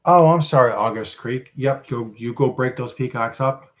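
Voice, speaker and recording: A man's voice: mid-range voice, moderate pace. A man hosting a casual livestream, chatting with viewers in a rambling, self-deprecating way. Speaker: livestream host.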